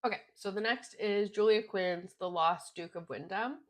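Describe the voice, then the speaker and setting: A young woman vlogger casually runs through her book rankings, chatty and rambling with lots of "like" fillers. Her voice is medium-pitched and her pace moderate in this relaxed book review chat.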